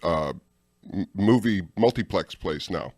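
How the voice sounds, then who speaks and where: Low-voiced morning radio co-host, chatty and joking, dry studio mic. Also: male voice, animated, measured pace, darkish tone, no room sound. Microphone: studio microphone.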